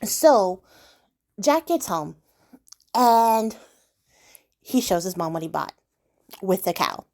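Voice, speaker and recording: A woman's voice: mid-range voice, animated, slow, long pauses, a little mellow. A young woman hosting her own channel, retelling a fairy tale in a chatty, sarcastic, filler-heavy way. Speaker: channel host, storyteller. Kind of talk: casual storytelling.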